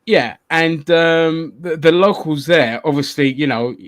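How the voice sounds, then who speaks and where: Speaking a little slowly in a slightly high voice, a man from London hosts a laid-back podcast conversation. He wanders from topic to topic, curses without restraint, and laughs a lot.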